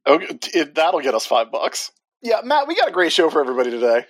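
A man co-hosting a podcast in casual chat, joking with big swings in pitch. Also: wildly swooping pitch, fast talker, no room sound. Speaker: podcast co-host. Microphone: remote call.

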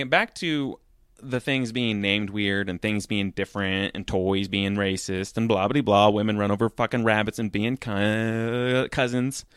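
A man's voice: lowish voice, a bit bright, smooth, no echo, clean studio sound. A man telling a rambling, profane comedic story, full of fillers, as a podcast host.

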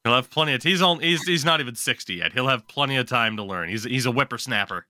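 A man's voice: medium pitch, animated, fast talker, sharp tone, no room sound, clean studio sound. A man hosting a podcast, chatting casually about sports and joking often with a bit of profanity. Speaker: podcast host.

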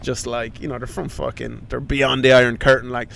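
A man's voice: medium pitch, flat delivery, a little fast, creaky, a bit bright, slight background noise. A young man telling a comic story on a podcast, swearing freely and acting out the voices of other people. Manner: swears a lot, acts out voices. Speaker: podcast co-host.

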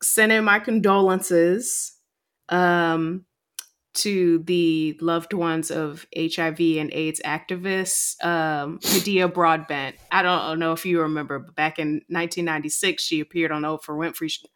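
Woman co-host, lowish voice, careful and unhurried, pauses with fillers. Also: steady tone, a bit bright. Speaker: podcast co-host. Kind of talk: casual chat.

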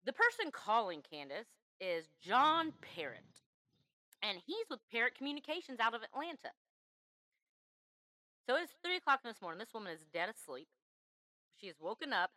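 A woman's voice: mid-range voice, very animated, normal speed, sharp tone, dry recording, low-quality recording. A woman hosting a true crime podcast, telling the story in an emphatic, chatty way. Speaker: podcast host.

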